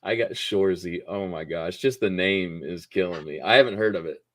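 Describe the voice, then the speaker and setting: A male host with a somewhat low voice, chatting casually on a live stream. He rambles in an upbeat way and leans on fillers as he thinks aloud. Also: moderate pace.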